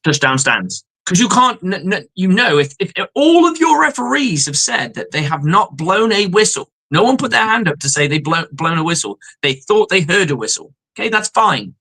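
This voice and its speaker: A man's voice: high voice, sing-song, normal speed, hardly any pauses, pushed and bright, poor audio. A man co-hosting a live sports reaction stream, heated and profane, acting out exchanges between referees. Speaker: co-host. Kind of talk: casual sports reaction chat.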